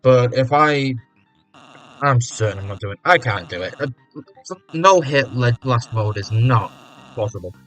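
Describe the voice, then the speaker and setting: A man's voice: mid-range voice, expressive, unhurried, long pauses, a bit bright, soft background music. A man from the UK with a British accent, giving casual, rambling commentary on a game stream as he thinks aloud. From United Kingdom.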